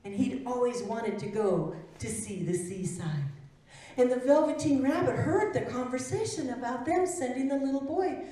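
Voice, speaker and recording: A woman storyteller telling a children's tale live in a gentle, expressive way, heard from a distant mic in a performance hall. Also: on the high side. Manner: slow, gentle, expressive narration. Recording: roomy echo from a distant mic.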